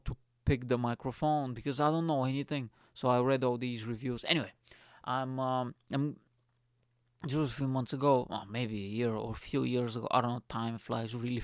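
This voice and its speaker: A young man hosting a casual solo podcast, rambling and swearing as he tells an animated story into his microphone. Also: medium pitch, clear, resonant tone, no echo. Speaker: podcast host. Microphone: studio microphone.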